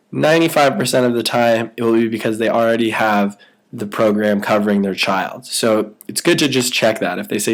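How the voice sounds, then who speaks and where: A man's voice: medium pitch, normal speed. A man leading a telemarketing training, walking through a sample call script and acting out the caller's lines in an upbeat, persuasive sales patter. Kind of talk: training walkthrough with role-played sales calls.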